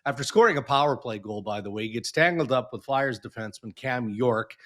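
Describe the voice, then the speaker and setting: A man's voice: mid-range voice, fairly quick, fairly bright tone. A man co-hosting a podcast, reading an ad and running through the headlines. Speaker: podcast co-host.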